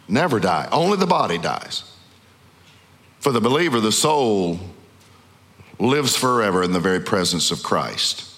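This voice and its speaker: A male pastor preaching a sermon, asking the congregation questions and slowing down to stress key words. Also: medium pitch, fairly bright tone. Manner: call-and-response questions to the congregation; emphatic, slows down on key words. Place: church sanctuary. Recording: long reverb of a large hall.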